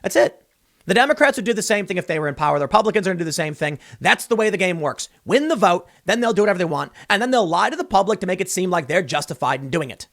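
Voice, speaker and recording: A man delivering an opinionated, sarcastic political commentary monologue, now and then mocking people in shrill impressions. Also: rapid-fire, few pauses. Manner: animated, sarcastic, mocks others with shrill impressions.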